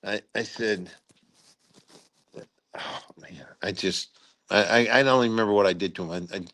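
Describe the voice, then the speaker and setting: An older retired army general telling stories in an interview, rambling with restarts and acting out quotes loudly. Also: male voice, fairly low pitch, fast. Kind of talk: storytelling interview.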